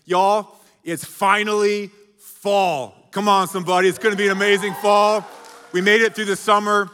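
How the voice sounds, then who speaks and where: A high-voiced, bright-sounding man preaches energetically to his congregation. He jokes and calls out to the crowd, and his voice carries a long hall reverb from a large church auditorium. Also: flat delivery, normal speed, a little hiss or hum. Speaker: pastor. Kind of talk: sermon.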